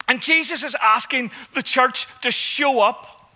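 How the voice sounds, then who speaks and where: A man delivering a sermon with a high, sharply bright voice. He speaks conversationally and pauses to search for words. Then he lifts into emphatic exhortations. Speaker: preacher.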